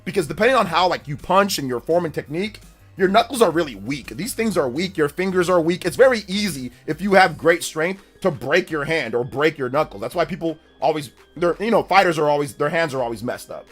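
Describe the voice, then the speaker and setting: A man's voice: a little high, brisk, slightly rough, faint music behind. A young man hosting a livestream, casually telling a story in slang and acting out the voices of the people in it. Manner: animated, slangy, acts out voices in his story. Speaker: livestream host.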